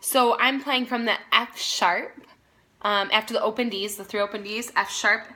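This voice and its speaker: In this practice video, a woman's slightly high voice stays steady as she teaches strings at a normal speed. She patiently calls out the notes and counts the players in while a violin plays in the background.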